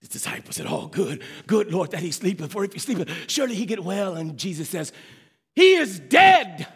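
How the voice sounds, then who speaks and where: A man preaching a sermon as pastor, speaking straight to his congregation, swinging from hushed, slow lines to sudden shouts. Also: high voice, animated, breathy edge. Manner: addresses the congregation directly.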